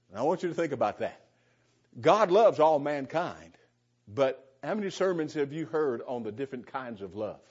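A man's voice: mid-range voice, breathy edge. A man preaching a conversational sermon, often repeating words as he starts a thought and chuckling between points. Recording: dull, lo-fi recording.

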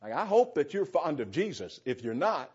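Husky man preaching a homey sermon. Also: fairly high pitch, big pitch swings, normal speed, darkish tone. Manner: conversational, repeats words when starting, chuckles. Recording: dull, lo-fi recording.

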